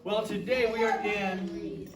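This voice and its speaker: A man with a fairly high voice leads a group of children, cheering them on and asking them questions. He sounds far from the mic in an echoey room. Children can be heard around him, and the sound is a bit dull. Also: expressive, slow pace, a crowd in the background. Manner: encouraging, asks the kids lots of questions. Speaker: children's program host. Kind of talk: leading a children's group lesson.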